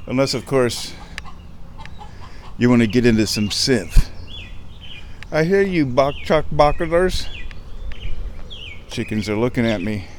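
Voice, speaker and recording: A man's voice: medium pitch, animated, unhurried, long pauses, a little hiss or hum. A man chatting casually in a vlog while feeding his backyard chickens outdoors. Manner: rambling, chatty, talks baby-talk to chickens. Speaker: vlogger. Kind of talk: casual walk-and-talk vlog.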